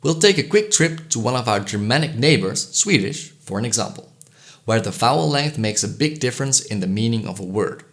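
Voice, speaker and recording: Man, educational voice-over, clear explanatory delivery, sounds out vowels slowly. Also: mid-range voice, expressive, fairly bright tone. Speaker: language educator. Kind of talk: scripted educational narration.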